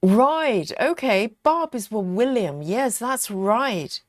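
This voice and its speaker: A British woman chats unhurriedly through a live stitch-along, reading comments aloud and laughing easily. Her pitch swings widely as she muses, and the sound is dry and close. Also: lively intonation, takes it slowly, no room sound. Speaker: livestream host reading viewer chat. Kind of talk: casual live chat while cross-stitching.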